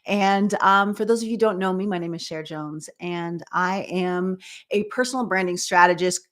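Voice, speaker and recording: A woman's voice: fairly low pitch, normal speed. A woman from Canada with a Canadian accent, a podcast guest introducing her branding work in an enthusiastic, polished way. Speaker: guest, personal branding strategist. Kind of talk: podcast interview.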